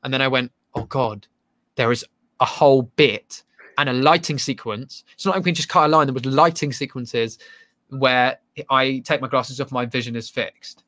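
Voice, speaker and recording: A man's voice: medium pitch, steady tone, normal speed, bright, forceful tone. A man, a stage actor, chatting casually in an interview, self-deprecating and full of restarts. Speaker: actor guest.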